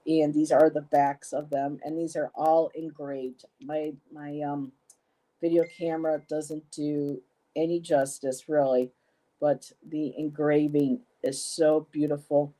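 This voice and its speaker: A woman in a casual vlog, talking to her viewers with many ums and pauses, gushing and emotional. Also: sits low, level tone, dark tone. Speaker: vlogger.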